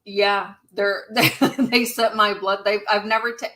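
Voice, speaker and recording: A woman co-hosting a casual livestream. Her voice is bright and clear, and her pitch sits at an ordinary middle level. She chats freely and thanks viewers as she goes. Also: fairly even intonation, a little slow, rough recording. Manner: chatty, laughs often, thanks viewers for donations. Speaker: YouTube channel co-host.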